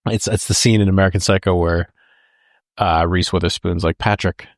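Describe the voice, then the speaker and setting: This low-voiced man co-hosts a podcast, discussing a movie in relaxed, conversational fashion and addressing listeners as folks. He speaks fairly quickly with fairly even intonation, and the studio recording is clean, with no room sound.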